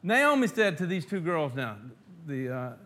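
Man preaching, loud on scripture, soft asides. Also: fairly high pitch, very animated, a little slow. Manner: rises to loud emphatic reading of scripture, drops to soft asides; repeats words and restarts, addresses congregation as friends. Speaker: pastor. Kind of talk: sermon.

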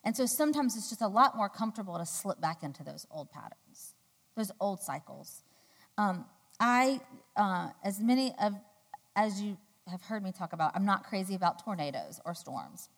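A woman giving a sermon, telling a personal story in a chatty, animated way with loud, high quoted outbursts. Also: normal speed. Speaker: church speaker. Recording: long hall reverb.

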